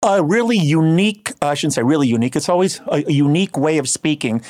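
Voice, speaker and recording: A man in casual conversation, halting and repeating words, with a trained singer's voice that jumps between registers. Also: lively intonation, darkish tone. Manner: trained voice, shifts pitch a lot. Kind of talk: casual chat.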